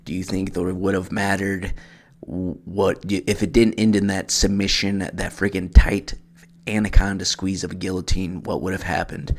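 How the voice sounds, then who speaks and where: A man's voice: sits low, little pitch movement, moderate pace. A man hosting his own channel, casually breaking down a grappling match in a rambling, filler-heavy way. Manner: rambling, filler-heavy, says "freaking" a lot. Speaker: channel host.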